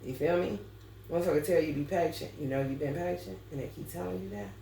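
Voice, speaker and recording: A woman's voice: low voice, quick pace, vocal fry, mellow, a little hiss or hum. A woman ranting bluntly and profanely in a casual astrology vlog. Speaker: astrology reader. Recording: roomy sound, distant mic, faint ambience.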